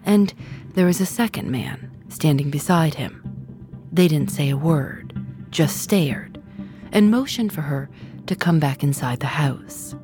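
A woman's voice: low voice, lively intonation, unhurried, dark tone, soft background music. A woman narrating a true story in a scripted documentary style, also interviewing guests.

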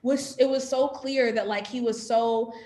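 A woman with a fairly high voice tells a personal story in an easy, chatty way. She sounds exasperated and fills her sentences with little asides. The recording has a noticeably echoey room around her. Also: steady tone, measured pace, a little mellow. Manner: chatty, exasperated retelling full of fillers. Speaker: podcast guest.

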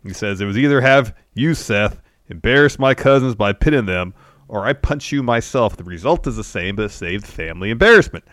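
A man co-hosting a wrestling podcast, giving a steady play-by-play recap in a casual chat. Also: fairly low pitch, a little fast, no room sound, studio quality.

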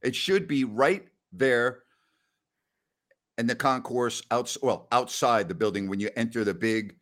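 A man hosting a sports talk show, ranting loudly and scornfully with heavy emphasis. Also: medium pitch, measured pace. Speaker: sports radio host.

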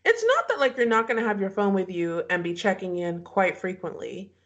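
Animated woman recapping with laughter. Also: mid-range voice, fairly quick, muffled recording. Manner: animated, laughs often, acts out quotes. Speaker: podcast co-host recapping a reality show. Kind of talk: casual chat.

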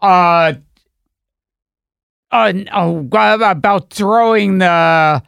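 A man on a comedy podcast with a very high, gravelly voice. He talks slowly and brightly, swinging up and down, and laughs and trails off as he chats. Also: dry recording, clean studio sound. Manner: laughing, excitable, trailing off mid-thought. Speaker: podcast co-host. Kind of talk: casual comedic chat.

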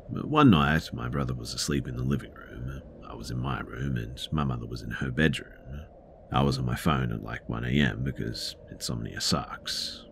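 A man with a very deep, gravelly voice reads true horror stories aloud in a calm, unhurried storytelling manner. There is a faint hiss of noise underneath. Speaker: narrator reading submitted stories. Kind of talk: scripted horror story narration.

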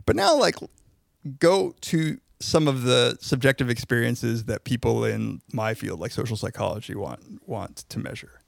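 A man's voice: medium pitch, lively intonation, normal speed, creaky, no room sound, clean studio sound. A man co-hosting a podcast, explaining social psychology research in casual academic chat, with frequent "like"s and restarts.

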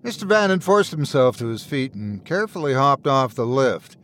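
A man's voice: mid-range voice, normal speed. Man telling a horror story expressively. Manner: expressive, dramatic. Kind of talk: scripted horror narration.

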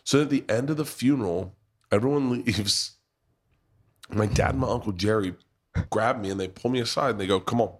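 A man's voice: lowish voice, brisk, pauses often. A man hosting a casual chat in a pub, telling a family story with frequent laughter. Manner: storytelling, laughs often, restarts. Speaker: podcast host.

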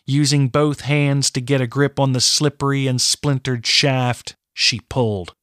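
A man narrating a fantasy novel in a measured, deliberate way. His pace is very unhurried and his pitch is middling. The sound is dry and close. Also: steady tone, fairly bright tone, no echo. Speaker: audiobook narrator. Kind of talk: scripted narration.

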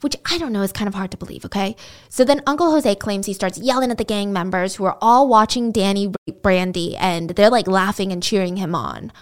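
A woman's voice: mid-range voice, fairly quick. A woman host retelling a true crime case in a conversational way, with indignant asides. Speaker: podcast host.

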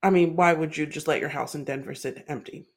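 A woman co-hosting a podcast, chatting casually with lively, wry remarks about a reality show. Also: sits low, brisk. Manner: lively, exclaiming, wry asides. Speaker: podcast co-host. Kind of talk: casual recap chat.

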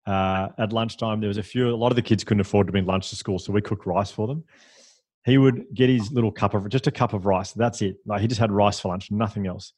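A man who is a podcast guest, telling stories in a lively, chatty, self-deprecating way. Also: fairly low pitch, brisk, no room sound. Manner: animated, chatty, self-deprecating, with fillers and laughs. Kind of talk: conversational storytelling.

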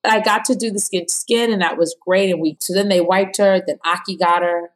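A woman in her thirties shares her birth story as a guest on a podcast. Her voice sits lowish, and she bursts into high, animated quotes and laughter as she acts out the people in her story. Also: brisk.

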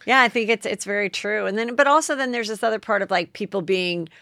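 A woman's voice: mid-range voice, quick pace, sharp tone, no room sound. Give me a chatty woman host talking casually on a dry, close mic. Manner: chatty, many "like" and "you know". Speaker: podcast host. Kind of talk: casual chat.

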